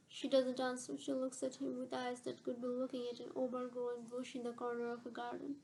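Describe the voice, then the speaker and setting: A woman narrating a novel as an audiobook, reading in a measured, steady way. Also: sits high, gravelly, a little hiss or hum, low-quality recording.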